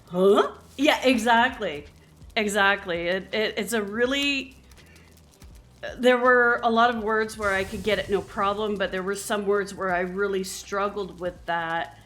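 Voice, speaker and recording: Slow, chatty Canadian woman streamer. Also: medium pitch, fairly bright tone. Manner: chatty, laughs often. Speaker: live streamer. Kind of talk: casual chat while streaming a game.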